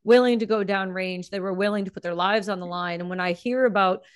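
A woman's voice: medium pitch, fairly quick, clear, resonant tone, no echo, clean studio sound. A woman hosting an interview and earnestly asking a question after reflecting on her own deployment. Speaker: podcast host, veteran. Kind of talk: casual interview.

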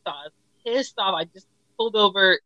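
Bright-voiced young woman, slangy co-host. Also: medium pitch, brisk, dry recording, highs cut off. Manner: loose, slangy, often trailing off quietly. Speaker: podcast co-host. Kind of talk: casual chat.

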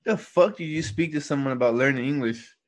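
A man's voice: medium pitch, fairly quick. A man co-hosting a podcast who chats casually and makes blunt, joking remarks. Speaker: podcast co-host.

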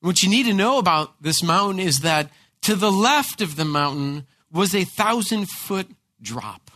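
A man preaching a sermon as pastor, telling a personal story in an animated way with frequent repeated words. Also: high voice, moderate pace.

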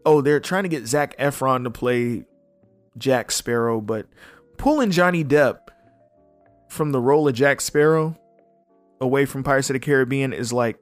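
A young man hosting a casual solo podcast, blunt and animated, swearing freely as he comments. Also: mid-range voice, moderate pace, pauses often, no echo, faint music behind. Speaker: podcast host.

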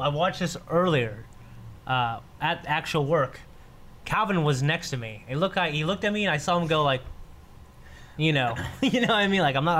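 A man's voice: on the high side, a little hiss or hum. A man in his thirties co-hosting a casual podcast, telling stories with laughs and restarts. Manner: animated storyteller, laughs often, repeats himself. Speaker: podcast co-host. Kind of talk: casual group chat, storytelling.

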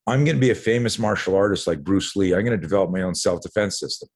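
A Canadian man in his sixties, appearing as a podcast guest, speaks in a deep, slightly mellow voice at a quick pace. He tells stories energetically, acting out other people's lines and often repeating words mid-sentence.

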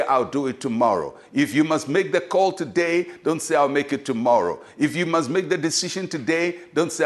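An older man preaches a devotional sermon with lively, rising and falling intonation. His voice sits a little high for a man, and he acts out the voices he quotes. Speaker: pastor.

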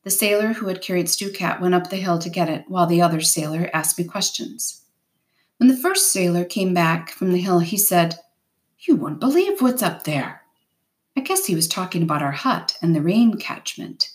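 A woman reading a novel aloud in first person with steady, unhurried storytelling. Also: fairly low pitch. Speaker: reader.

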